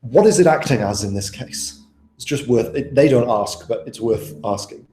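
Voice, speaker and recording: A young man tutors students through an exam paper in an easygoing, chatty way, often turning questions back to them. His voice is mellow and of middle pitch. The sound is roomy and echoey. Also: expressive, normal speed, a little hiss or hum. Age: young adult. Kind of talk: live online tutoring session.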